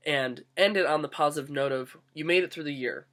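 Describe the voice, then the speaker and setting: A young man with a groggy voice from getting sick, talking earnestly in a casual reflective vlog, often halting and restarting. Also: a little high, a bit bright. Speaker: vlogger.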